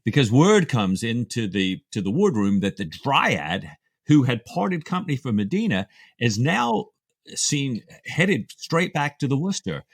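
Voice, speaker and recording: A man's voice: medium pitch, big pitch swings, unhurried, no echo, studio quality. A man co-hosting a podcast, recapping a novel's plot in an easygoing, self-deprecating way. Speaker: podcast co-host. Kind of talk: casual book discussion.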